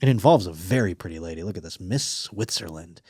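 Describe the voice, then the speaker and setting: A man's voice: deep voice, lively intonation, brisk, a little mellow, breathy edge, dry recording, studio quality. A man hosting a podcast, reading listener stories aloud and riffing on them with crude, sarcastic jokes. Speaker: podcast host. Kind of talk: comedic news commentary.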